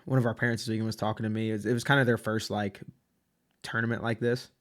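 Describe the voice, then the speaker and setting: A man who coaches youth wrestling, chatting casually on a podcast and recounting stories in a relaxed way. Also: fairly low pitch, fast.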